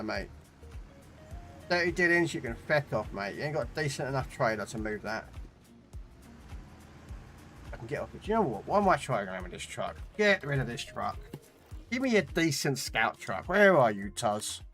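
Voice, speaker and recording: A man commentates his gameplay live to his viewers, chatting casually and cursing at the game whenever it gives him trouble. His pitch swings up and down a lot as he talks, and faint game music plays underneath. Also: sing-song, normal speed, long pauses, a bit bright. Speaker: gaming streamer. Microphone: desk condenser mic.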